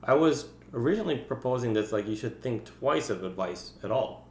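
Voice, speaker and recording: A man's voice: medium pitch, expressive, fairly quick, a little hiss or hum. A man hosting a casual podcast, his mid-range voice swinging up and down as he rambles and laughs easily. The recording sounds roomy and echoey. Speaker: podcast host. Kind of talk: casual chat. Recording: roomy echo.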